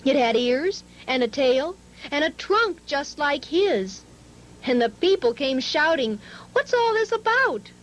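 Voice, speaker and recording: A woman reading a rhyming children's story aloud in an expressive, singsong storytelling manner. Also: high voice, slow, rough recording.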